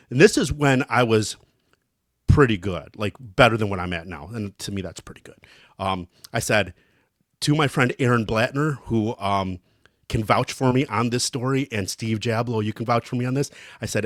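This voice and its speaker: Middle-aged male podcast co-host, rambling storyteller, mid-pitched voice, dry close sound. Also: moderate pace, a bit bright, no echo. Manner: rambling storyteller, many ums and restarts. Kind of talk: casual chat.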